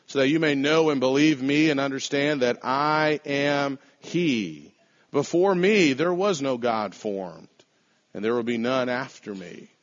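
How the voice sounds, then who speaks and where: Male preacher, mid-pitched, deliberate emphatic delivery with slowed stressed phrases; muffled lo-fi recording. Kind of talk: sermon. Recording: dull lo-fi sound.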